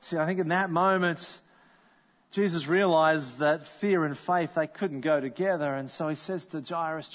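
Speaking at a moderate pace in a high, slightly bright voice, a pastor delivers a storytelling sermon in a conversational way. He occasionally takes on the voices of people in the story, and his speech rings with the long reverb of a large hall.

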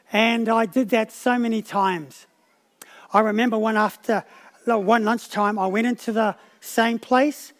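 A man preaching a sermon, telling a personal story with frequent restarts and repeated words. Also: extremely high pitch.

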